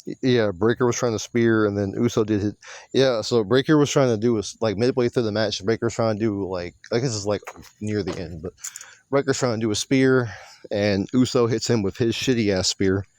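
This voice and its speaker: A man's voice: on the low side, fairly quick, a little mellow, no room sound. Rambling, profane man recapping wrestling. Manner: rambling, profane, self-correcting. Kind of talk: casual recap monologue.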